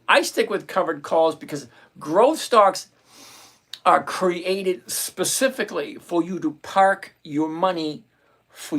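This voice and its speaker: Livestream host, casual chat, greets viewers by name, fry in the voice. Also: mid-range voice, fairly bright tone. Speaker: livestream host on stock options. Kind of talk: casual live chat, reading viewer names.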